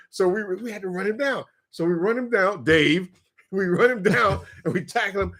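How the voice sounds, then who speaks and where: A man co-hosting a livestream, telling a story in a casual, animated way and acting out the quotes as he goes. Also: sits high, normal speed. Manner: animated, acts out quoted voices with laughs. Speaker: co-host.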